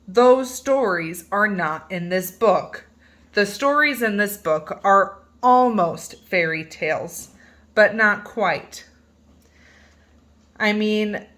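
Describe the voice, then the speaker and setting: Reading from a children's picture book, this woman uses a mid-range voice. She keeps things playful and lively, drawing out certain words to make them stand out.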